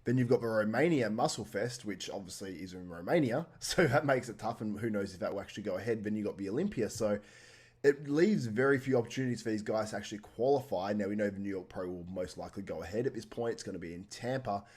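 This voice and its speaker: A man's voice: on the low side, fast, darkish tone, slightly rough. A man hosting a podcast in casual chat, chatty and laughing often. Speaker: podcast host.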